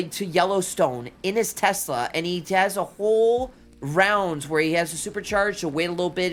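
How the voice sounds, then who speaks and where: Excitable rambling streamer, medium pitch. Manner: excitable, rambling, says "dude" and "oh my God" often. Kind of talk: casual livestream chat.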